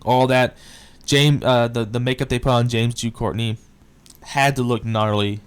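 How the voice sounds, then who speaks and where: Man, casual movie review recap, excitable, swears a lot, smooth clear voice, mid pitch. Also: moderate pace. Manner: excitable retelling, swears often.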